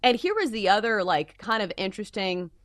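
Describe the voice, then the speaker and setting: A woman's voice: medium pitch, big pitch swings, brisk, a bit bright, no room sound, clean studio sound. A woman co-hosting a sports show, giving blunt opinions in casual chat.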